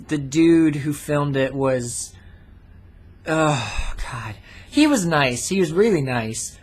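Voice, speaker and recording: A man's voice: on the high side, lively intonation, slow pace. A young man vlogging a story in a rambling, casual way with plenty of swearing and fillers.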